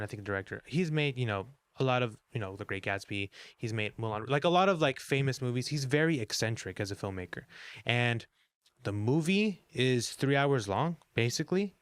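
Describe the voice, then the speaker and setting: A man's voice: medium pitch, clear, resonant tone, dry recording. A man co-hosting a movie podcast, chatting casually and rambling with lots of fillers and swearing. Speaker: podcast co-host reviewing films. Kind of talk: casual movie review chat.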